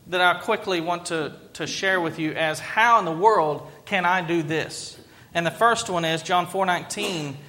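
A man's voice: high voice, bright, forceful tone. A middle-aged man preaching a sermon, earnest and emphatic, driving points home by repetition. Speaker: pastor.

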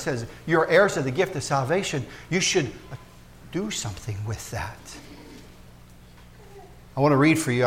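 A man preaching a sermon as pastor, folksy and joking with the congregation, swinging between loud emphasis and soft, hushed asides. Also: fairly high pitch. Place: church.

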